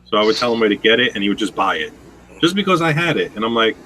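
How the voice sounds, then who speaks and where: A man's voice: fairly low pitch, big pitch swings, very fast, sharp tone, slight background noise, low-quality recording. A man hosting a casual chat, telling long rambling stories full of swearing. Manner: rambling, profane storytelling. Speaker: host.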